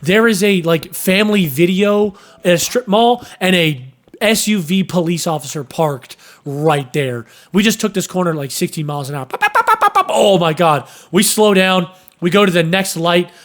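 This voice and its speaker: A young man casually telling a story on a podcast, animated, cursing and acting out sounds and voices. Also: sits high, normal speed, few pauses. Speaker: podcast host.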